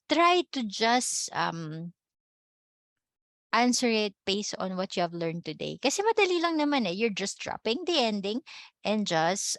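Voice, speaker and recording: Slow, patient Filipino woman teacher. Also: medium pitch, gravelly, dry recording. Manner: patient, checks understanding with frequent tag questions. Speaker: language teacher. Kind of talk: classroom lecture.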